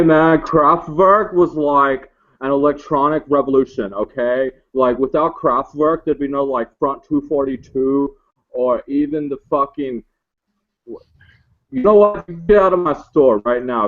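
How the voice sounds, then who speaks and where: A man's voice: medium pitch, steady tone, voice pushed up, natural voice. Man doing a stoned record store clerk. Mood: angry rant. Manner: drawling stoner talk, quick to anger. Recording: muffled lo-fi recording.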